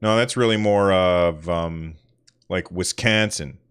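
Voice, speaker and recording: A man's voice: sits low, slow pace, a bit bright, smooth. A man from the northern United States hosting a casual solo podcast livestream, telling rambling, self-deprecating stories. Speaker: podcast host.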